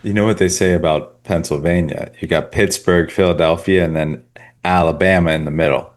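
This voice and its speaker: A man co-hosting a podcast, chatting casually with wry quick asides. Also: sits low, fairly even intonation. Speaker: podcast co-host. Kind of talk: casual chat.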